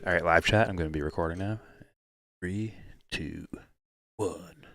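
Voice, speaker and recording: Deep-voiced, profane stream host. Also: male voice, measured pace, creaky, a bit bright, dry recording, studio quality. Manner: loose, profane and laughing often. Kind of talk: casual live reaction commentary.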